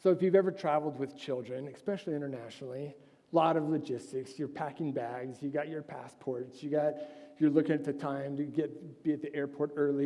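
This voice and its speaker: A man's voice: a little high, warm tone. A man from California giving an informal Sunday school sermon, telling stories earnestly and conversationally with frequent restarts. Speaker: missionary speaker at Sunday school. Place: large echoey church room. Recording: long reverb from a hall.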